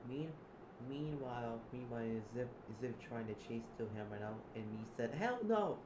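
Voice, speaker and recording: A man narrates his moves in an improvised role-play, stalling and repeating words before he finds the next one. His voice sits mid-range. The room rings, and steady noise runs behind him. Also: medium pitch, normal speed. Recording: roomy, noisy background.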